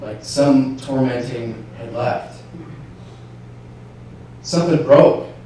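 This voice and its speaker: A man preaching, telling a personal story and acting out his inner dialogue, with his voice swinging from hushed to shouting. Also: medium pitch, slow, a little hiss or hum. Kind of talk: sermon testimony. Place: large church hall. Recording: echoey church hall from far off.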